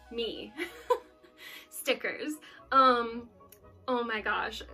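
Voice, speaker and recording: Slow, gushing bright-voiced woman. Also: high-pitched. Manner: gushing and effusive, many exclamations; soft-spoken and touched, near tears. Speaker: YouTube channel host. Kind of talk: casual unboxing chat.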